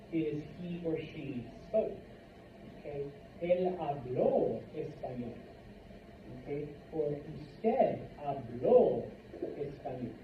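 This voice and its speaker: A man teaching a Spanish class in a classroom, unhurried and checking in often with the students. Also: fairly high pitch, recorded from a distance, slight background noise. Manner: unhurried, many fillers and check-ins. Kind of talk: classroom lecture. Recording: roomy lo-fi classroom recording from afar.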